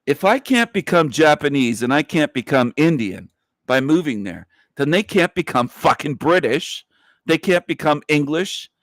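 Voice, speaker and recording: A man's voice: a little high, very animated, normal speed, a bit bright, no room sound, studio quality. A man hosting a livestream who speaks in an emphatic, profane, repetitive rant. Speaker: livestream host.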